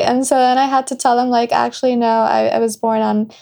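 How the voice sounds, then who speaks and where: A woman in her twenties co-hosting a casual podcast, telling a story with giggly, quick asides. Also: a little high, little pitch movement, gravelly, mellow. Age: 20s. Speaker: podcast co-host.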